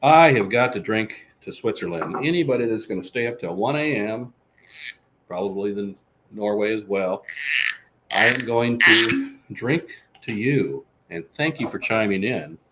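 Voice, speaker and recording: A man with a somewhat low voice hosts a loose, chatty live show. He talks about himself in the third person with swaggering bravado and answers viewers' comments as they come in. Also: expressive, a little slow, noisy background. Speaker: podcast host. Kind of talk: casual live-stream chat.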